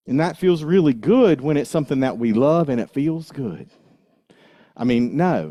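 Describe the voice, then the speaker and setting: A man's voice: medium pitch, normal speed, dry recording, studio quality. A man, possibly, giving a conversational, jokey sermon and talking directly to his congregation. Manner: animated, jokey, talks to congregation. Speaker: minister.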